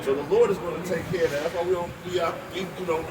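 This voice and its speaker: A man recites a verse and preaches on it with emphasis, checking in with his listeners. His voice runs high. He is recorded from a distance in an echoey space, with street noise clearly audible. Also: steady tone, rapid-fire. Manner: emphatic, ends points with "all right?". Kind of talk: scripture reading and street preaching.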